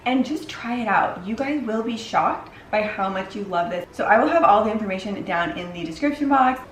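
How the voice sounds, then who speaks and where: A woman's voice: medium pitch, animated, brisk, a little hiss or hum. A woman in her thirties, a chatty and upbeat vlogger who laughs easily as she talks to her viewers. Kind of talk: casual vlog chat.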